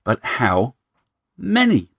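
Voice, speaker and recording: A man voicing a calm, menacing male thief who mocks and taunts his victim. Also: mid-range voice, slow, vocal fry, slightly rough, voice pushed up, full character voice. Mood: mocking. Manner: mocking, taunting.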